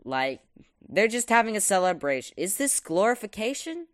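A woman co-hosting a podcast, chatting casually about an old film, relaxed and hedging. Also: medium pitch, normal speed, no room sound, clean studio sound. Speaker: podcast co-host.

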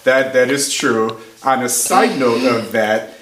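A man's voice: medium pitch, slow. A man, a podcast guest, telling a story in casual chat, laughing as he goes and acting out the people in it. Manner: animated, laughs through his stories. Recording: roomy with faint background noise.

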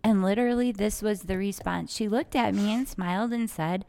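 A young woman co-hosting a casual chat, telling a chatty, animated story about a customer at her aromatherapy shop and acting out their exchange. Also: medium pitch, moderate pace, creaky. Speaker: podcast co-host, aromatherapy shop owner.

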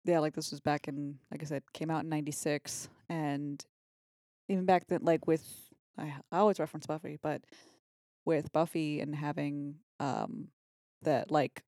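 A woman co-hosting a casual podcast chat about a film, enthusiastic and full of trivia, with loose, halting phrasing and lots of fillers. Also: low-pitched, steady tone, mellow, no room sound, clean studio sound. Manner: enthusiastic, trivia-sharing, swears and laughs. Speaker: podcast co-host.

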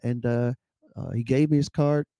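A middle-aged man, a stand-up comedian, telling stories with lively impressions and laughter in a casual interview. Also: normal speed, gravelly, dry recording. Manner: acts out voices with high-pitched impressions and laughs. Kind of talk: animated storytelling.

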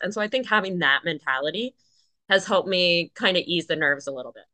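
Bright upbeat woman guest. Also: lowish voice, lively intonation, brisk. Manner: upbeat and talkative, laughs often. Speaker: podcast guest. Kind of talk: casual interview chat.

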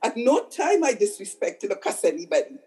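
A woman's voice: mid-range voice, big pitch swings, fairly quick, warm tone, low-quality recording. Older woman therapist recounting with emphatic repeats. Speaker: psychotherapist guest. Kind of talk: conversational storytelling.

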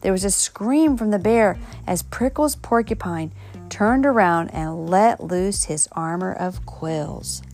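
A woman's voice: mid-range voice, slow, darkish tone, soft background music. A woman reading a children's storybook aloud at home, an unpolished reading with slips and self-corrections. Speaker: reader.

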